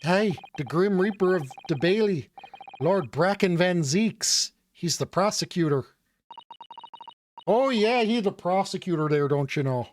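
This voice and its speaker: A man's voice: sits high, animated, a little slow, a little hiss or hum. Man putting on a blustering Irish tycoon. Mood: gossipy. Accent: put-on Irish drifting Canadian. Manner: blustering, folksy, theatrical. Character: boastful rich old Irish male businessman. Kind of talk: reading game dialogue aloud.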